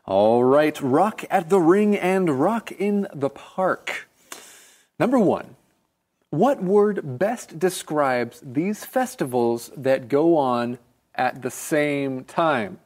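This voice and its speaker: A man co-hosting a scripted English lesson, reading quiz questions clearly in a playful manner. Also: a little high, lively intonation, takes it slowly, darkish tone. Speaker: co-host of an English lesson show.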